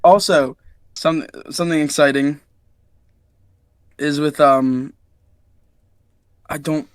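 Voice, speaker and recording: A man's voice: on the high side, steady tone, takes it slowly, no room sound. A young man co-hosting a casual podcast, reading out news items and stumbling over names. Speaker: podcast co-host. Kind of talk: casual chat.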